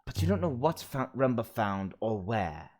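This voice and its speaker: A man's voice: mid-range voice, big pitch swings, normal speed, darkish tone. A man voicing a blunt, matter-of-fact young woman explorer while reading game dialogue aloud.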